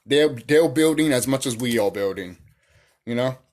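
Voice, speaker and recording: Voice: mid-range voice, lively intonation, normal speed, a little mellow. A channel host ranting in a casual monologue, profane and heated, repeating phrases and firing off rhetorical questions.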